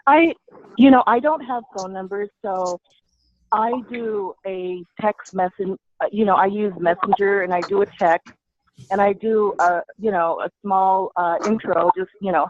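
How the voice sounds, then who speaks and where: A woman's voice: mid-range voice, measured pace. A woman on a group video call, chatting casually and hesitantly with many fillers. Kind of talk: casual chat. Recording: muffled call audio with faint noise.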